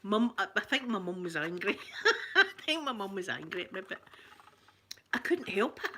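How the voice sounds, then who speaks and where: Bright-voiced Scottish woman telling a story. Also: mid-range voice, a little hiss or hum. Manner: animated, chatty, quick to laugh. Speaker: ASMR channel host. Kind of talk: casual storytelling.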